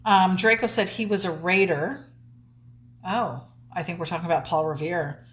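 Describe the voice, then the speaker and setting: A woman's voice: on the low side, moderate pace. A middle-aged woman with a New Jersey accent, co-hosting a live stream, giggling and reading out viewer comments. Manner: giggly, reads comments aloud. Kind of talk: casual live-stream banter.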